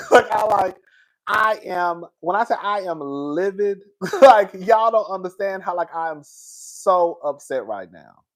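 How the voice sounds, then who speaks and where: A man's voice: high-pitched, lively intonation, unhurried. A man hosting a casual livestream, exasperated and repeating himself as he talks to his viewers. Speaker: livestream host.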